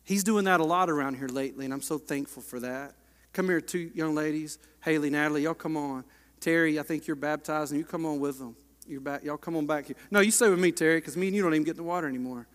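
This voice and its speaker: Preacher in his forties, impassioned, fairly high-voiced, ringing through a big reverberant church. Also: fast. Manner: impassioned, swinging from hushed to loud. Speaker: Baptist pastor. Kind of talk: sermon. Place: large church sanctuary.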